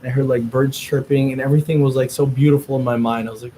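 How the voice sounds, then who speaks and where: A man guest telling a lively, rambling anecdote in a casual chat, full of fillers. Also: mid-range voice, fast, a little hiss or hum, low-quality recording.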